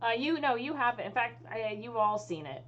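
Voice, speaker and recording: A woman's voice: on the high side, expressive, fairly quick, a bit bright, muffled recording, slight background noise. A woman as dungeon master, narrating a tabletop game and often laughing.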